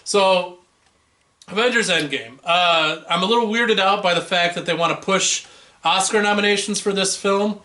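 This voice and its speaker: Slightly drunk dude rambling about movies, bright kinda high voice. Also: male voice, normal speed. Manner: rambling, laid-back, swears casually. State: tipsy. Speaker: podcast co-host. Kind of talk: casual movie chat.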